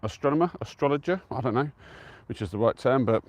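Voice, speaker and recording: Chatting casually to his live-stream audience, an easygoing Englishman speaks at a quick pace in an ordinary middle pitch, answering comments from a handheld device. He's outdoors at a trig point on an open hilltop with no wind, and there's no room sound.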